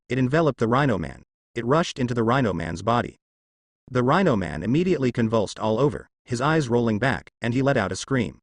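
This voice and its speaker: A man giving steady scripted narration of a translated web novel, reading sound-effect words aloud. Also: mid-range voice, no echo, studio quality.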